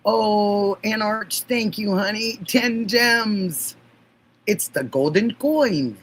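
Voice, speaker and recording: A woman hosting a livestream, chatting warmly with viewers and laughing often. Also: medium pitch, takes it slowly, slight background noise, low-quality recording. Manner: gushing, affectionate, laughs often. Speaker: livestream host. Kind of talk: casual livestream chat.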